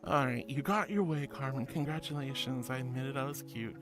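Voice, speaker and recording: A woman's voice: a bass voice, brisk, music in the background. A woman streaming as a VTuber host, chatting casually, reading chat aloud and thanking viewers with affectionate pet names.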